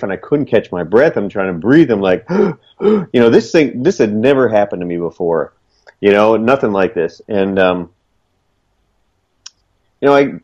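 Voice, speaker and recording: A man with a lowish voice tells his story in a loose, earnest ramble, leaning on fillers as he goes. The recording sounds dull and lo-fi. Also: darkish tone. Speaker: guest, small business owner. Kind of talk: casual storytelling.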